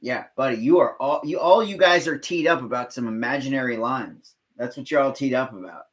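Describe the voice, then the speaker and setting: A man's voice: medium pitch, brisk. A man hosting a local talk show, chatting casually, swearing often and saying "like" a lot. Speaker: show host. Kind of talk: casual chat.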